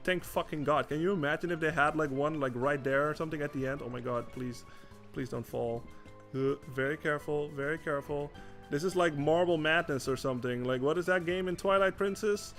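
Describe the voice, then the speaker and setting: Young male streamer, fairly high voice, frustrated and profane over faint game music. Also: a little fast, a bit bright. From Netherlands. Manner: swearing, exasperated, stammering restarts. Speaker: gaming streamer. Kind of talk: casual gameplay commentary.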